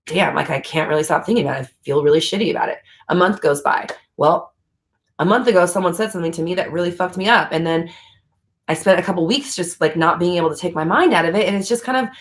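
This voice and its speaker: A woman's voice: on the low side, fairly bright tone. A woman hosting a livestream, answering viewer questions in a blunt, frank casual chat, swearing freely. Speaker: livestream host.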